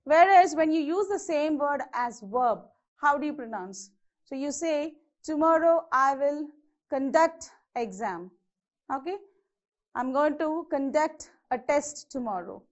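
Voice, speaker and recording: A woman's voice: sits high, expressive, unhurried. A woman teaching a grammar lesson, repeating example words and checking in with "okay" after each point. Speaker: English teacher. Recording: slightly dull lo-fi lesson audio.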